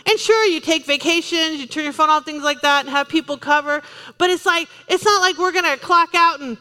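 Bright high-voiced woman preaching a sermon. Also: brisk, in a large hall. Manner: lively, joking, emphatic preaching with asides. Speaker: pastor. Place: church sanctuary.

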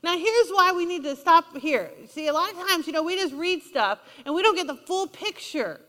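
A woman delivers a sermon in a church, talking in a conversational, emphatic way and asking her listeners questions. Her voice is high and bright. It rings with the long reverb of a large hall. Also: expressive, normal speed. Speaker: preacher.

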